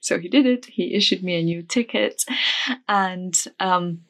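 A woman's voice: lowish voice, measured pace. Chatty young woman telling a story. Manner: chatty, animated retelling with many fillers and restarts. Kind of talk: casual storytime vlog.

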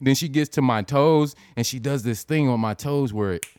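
A man's voice: mid-range voice, normal speed, darkish tone, clear, resonant tone, no echo. A married man telling a rambling, profane story in casual chat, acting out his own reactions as he goes. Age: adult, married.

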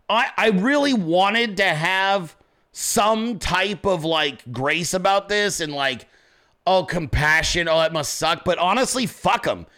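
Blunt and crude, a man hosting a political commentary show rants casually at his audience in a high, pushed, bright voice.

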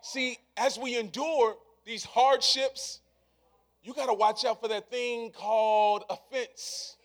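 A man preaching a sermon in casual, conversational words, repeating his points and swinging from hushed to loud. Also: very high-pitched, steady tone, slow.

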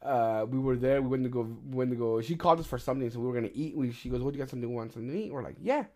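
Middle-aged male host, casual storyteller, heavy cursing, animated retellings. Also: mid-range voice, very fast. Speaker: podcast host. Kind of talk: casual chat.

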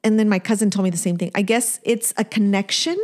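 Animated and quick-paced, a woman in her forties relates a tale while co-hosting a casual podcast, her pitch medium. She brings the story to life by doing the voices in it.

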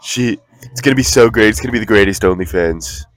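A young man putting on a slow, bragging impression of a self-satisfied male influencer, with an accent that slips around. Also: fairly low pitch, dry recording, lightly acted.

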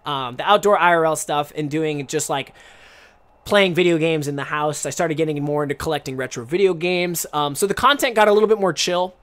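A man's voice: a little high, fairly quick, fairly bright tone. A young man streamer and English teacher talking casually to camera, rambling and restarting his sentences with lots of fillers. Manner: rambling, self-interrupting, many fillers.

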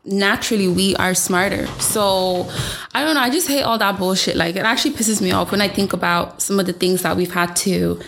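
A woman's voice: medium pitch, fairly quick, vocal fry, fairly bright tone, a little hiss or hum. A young woman from Ireland in casual chat, talking bluntly and frankly.

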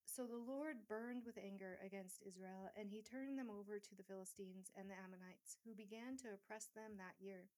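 A woman's voice: medium pitch, a little mellow. A woman leads a Bible study, reading verses aloud and then putting them in plain everyday words. Her tone stays casual and conversational between the readings. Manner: reads scripture aloud, then paraphrases in casual asides.

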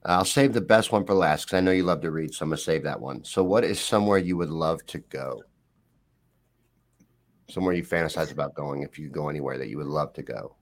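A man's voice: extremely low pitch, brisk. A man co-hosting a podcast, chatting casually in a playful, teasing, rambling way. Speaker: podcast co-host. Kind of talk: casual joking chat.

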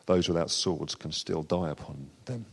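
A preacher reading as a defiant warrior princess. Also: male voice, deep voice, breathy edge, in a large hall. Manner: slow, emphatic reading. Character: fierce young noblewoman warrior, defiant.

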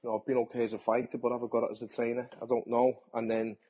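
Chatty husky man. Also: mid-range voice, completely flat delivery, rapid-fire, mellow. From England. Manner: blunt, chatty, repeats words. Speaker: boxer and TV pundit. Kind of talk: casual interview.

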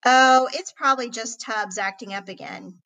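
A woman's voice: on the high side, normal speed, vocal fry, bright, forceful tone, rough recording. A woman voicing a brash male spaceman in a children's story, offhand and bossy.

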